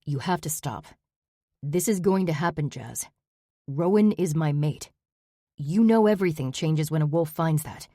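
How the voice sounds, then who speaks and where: A woman voicing a young male wolf shifter who speaks firmly and with regret, in a quieter, lower tone. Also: lively intonation, a little slow, no echo, studio quality.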